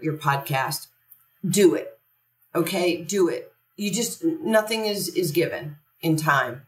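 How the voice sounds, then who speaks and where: A woman, a podcast guest, telling a story conversationally and animatedly, acting out quoted dialogue. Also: deep voice. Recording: roomy echo from a distant mic.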